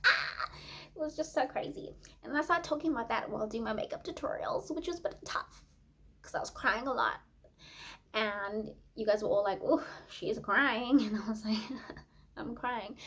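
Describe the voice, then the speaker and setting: A woman's voice: on the high side, a bit bright. A woman voicing a vain, dramatic young female influencer who thinks she can sing, talking in a self-absorbed, giggly way. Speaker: improv comedian. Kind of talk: improvised comedy podcast.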